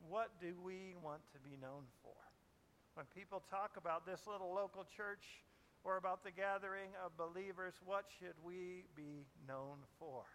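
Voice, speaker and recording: A man's voice: a little high, a bit bright, a little hiss or hum. A man preaching a sermon as a pastor, in a conversational way that asks the listeners rhetorical questions.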